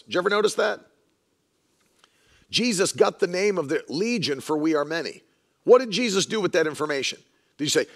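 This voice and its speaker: Man, preacher, sermon, emphatic, repeats for stress, gravelly. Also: high voice, fairly bright tone. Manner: emphatic, repeats lines for stress, quotes others in mocking voices.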